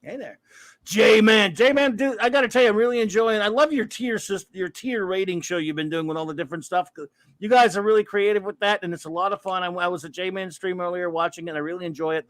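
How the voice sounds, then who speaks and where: A man with a notably high voice hosts a relaxed livestream, talking a little fast. He makes self-deprecating jokes and rambles through greetings, full of fillers and false starts.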